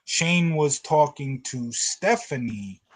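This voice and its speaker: A man hosting a casual review show, retelling scenes in a lively way, acting out quotes and laughing often. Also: on the high side, takes it slowly. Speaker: podcast host.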